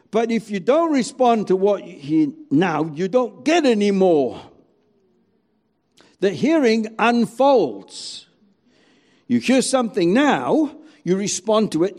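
A man preaching a sermon with a lively, swinging delivery and a mellow, dark tone. He asks rhetorical questions and acts out quoted voices. His pitch sits a little above the usual for a man. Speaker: pastor.

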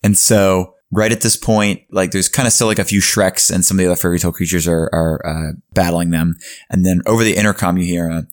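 A man's voice: low-pitched, fairly even intonation, brisk. A young man narrating a comedic tabletop game as game master, rambling with many fillers.

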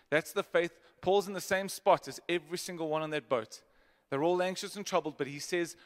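A man's voice: fairly high pitch, a little fast. A man preaching a sermon, reading scripture with dramatic emphasis and joking asides to the congregation. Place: church auditorium. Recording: long hall reverb.

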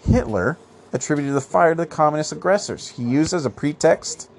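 A man's voice: on the high side, animated, brisk, a little hiss or hum. Man, podcast host, nasal voice, rambling, profane, lots of restarts. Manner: rambling, swears a lot, many restarts. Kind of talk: profane monologue.

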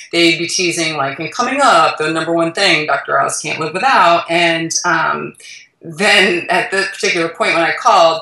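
Animated woman telling a story, echoey room. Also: deep voice. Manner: lively storyteller, acts out voices, frequent "like" fillers. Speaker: food company founder, guest. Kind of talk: storytelling in a conversational interview. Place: her office. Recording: echoey room, voice far from mic.

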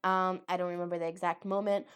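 Talking quickly in a fairly low, level voice, this woman chats about anime for her vlog. Her casual talk wanders, with laughter and frequent self-corrections.

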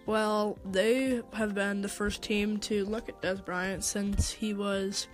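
A young woman giving her opinions on sports in a casual, unscripted monologue. She talks slowly in a flat, even voice and stumbles over her words with fillers and restarts. Faint music plays behind her. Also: mid-range voice. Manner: hesitant, many fillers and restarts. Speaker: sports talk host.

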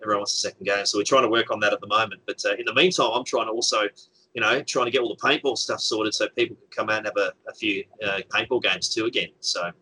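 A man's voice: on the low side, fairly even intonation, quick pace, bright, forceful tone, a little hiss or hum, low-quality recording. A man chatting casually as a guest game organizer, rambling with many fillers and restarts. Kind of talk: casual chat.

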